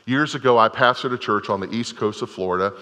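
A middle-aged Methodist pastor preaches fast in a medium-pitched, bright, forceful voice, with long hall reverb around him. He tells a story in his sermon in a folksy way, restarting often.

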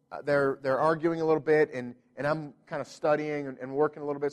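A man's voice: on the high side, steady tone, fairly quick, hardly any pauses. A man in his thirties, a pastor telling a family story in a sermon, earnest and full of restarts.

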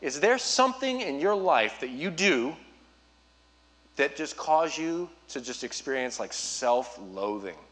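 Man, youth pastor, sermon, earnest direct exhortation, fairly high voice. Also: big pitch swings, unhurried, fairly bright tone.

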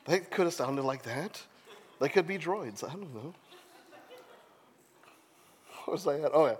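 A man's voice: on the high side, animated, a little fast, slightly rough. A man preaching, reading scripture aloud with playful, self-mocking asides. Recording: long reverb of a large hall.

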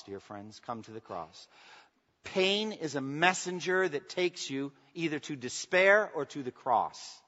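A man preaching a sermon as pastor, swinging from emphatic declarations to soft, intimate asides and asking the congregation for response. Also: a little high. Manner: preaching with rising emphasis, then dropping to soft, intimate lines. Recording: long reverb, dull lo-fi sound.

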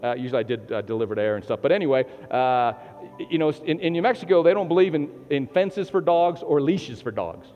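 A man's voice: on the high side, a little fast, hardly any pauses. Pastor guy preaching, voice jumps all over, lots of laughing, big echoey church, kinda muffled. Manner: animated, laughs often, swings from loud exhortation to hushed prayer. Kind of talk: sermon with call and response. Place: church with live and online congregation. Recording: long hall reverb, dull lo-fi sound, faint music.

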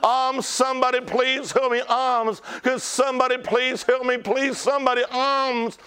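A man's voice: very high-pitched, flat delivery, measured pace, sharp tone, clear, resonant tone, full character voice. A man preaching, voicing a blind male beggar who pleads again and again for alms and help. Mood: pleading. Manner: pleading, repeated cries for help.

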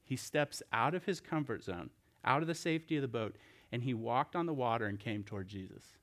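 A man's voice: medium pitch, animated, a little fast, fairly bright tone. A man preaching a sermon as pastor, telling a scripture story in a conversational way with rhetorical questions and restarts.

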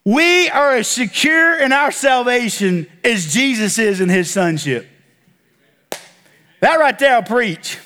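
A man's voice: very high voice, lively intonation, slow pace, pushed and bright. A man preaching a sermon to his church, drawing call-and-response from the congregation and stressing points with emphatic exclamations. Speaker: pastor.

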